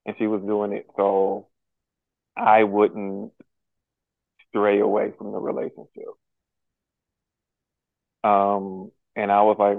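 Halting man on a tinny line. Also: lowish voice, completely flat delivery, vocal fry, no echo. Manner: halting and earnest, many pauses and restarts. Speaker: podcast guest. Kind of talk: candid personal conversation. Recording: tinny phone-like line, dry.

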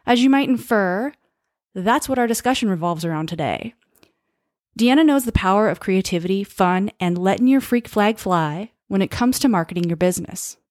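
A woman's voice: mid-range voice, lively intonation, moderate pace, darkish tone, no echo, studio quality. A woman hosting a podcast, reading an upbeat scripted intro and then chatting loosely with her guest. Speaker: podcast host.

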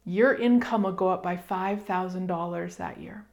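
A middle-aged woman hosting a casual self-help talk, chatty and animated, with fillers and emphatic asides. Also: on the low side, moderate pace. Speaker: podcast host.

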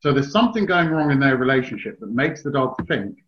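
A man's voice: mid-range voice, big pitch swings, fast talker, hardly any pauses. Chatty man giving dog advice. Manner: chatty, explains at length. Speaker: dog trainer, podcast host. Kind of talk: casual advice chat. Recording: slightly dull, lo-fi sound.

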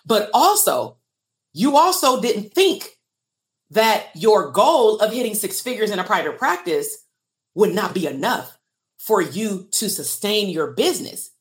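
A woman's voice: medium pitch, very animated, a little slow. Candid woman livestreaming. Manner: candid, emotional, asks viewers to comment, swears freely. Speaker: therapist and business coach hosting a livestream. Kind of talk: casual livestream talk to viewers.

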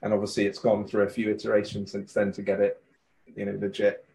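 Relaxed West Country man. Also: lowish voice, fast, gravelly, poor audio. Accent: West Country English. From West Country, England. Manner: relaxed, friendly, uses fillers. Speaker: guest, hot sauce maker. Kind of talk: casual chat.

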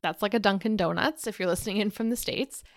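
A young woman talks through her solo podcast in a chatty, candid way, poking a little fun at herself. Her voice is mid-pitched and sounds dry and close, with no room echo. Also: fast, creaky. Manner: chatty, candid and self-deprecating. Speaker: podcast host.

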